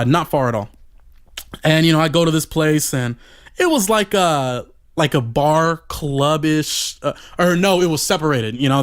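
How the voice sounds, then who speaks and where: High-voiced man telling a rambling, profane story. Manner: rambling and profane, full of "you know" fillers. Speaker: podcast storyteller.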